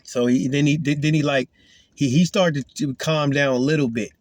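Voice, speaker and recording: A man's voice: fairly high pitch, steady tone, moderate pace, a little mellow, no echo. A man giving an earnest, emphatic spoken testimony as a Christian, retelling a confrontation in casual talk.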